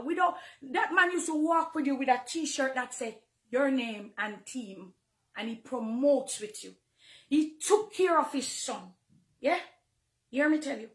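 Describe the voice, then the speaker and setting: A middle-aged woman with a Jamaican accent, a minister giving an emotional, confessional testimony from the pulpit, moving between hushed and fervent. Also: sits high, expressive, unhurried, reverberant. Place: church, near the pulpit.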